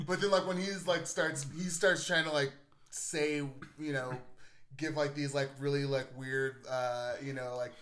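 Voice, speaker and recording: A man's voice: on the high side, fairly even intonation, unhurried, a bit bright. A young man co-hosting a film podcast, rambling through his thoughts in a loose, casual way. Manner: rambling, heavy use of "like" fillers. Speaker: podcast co-host.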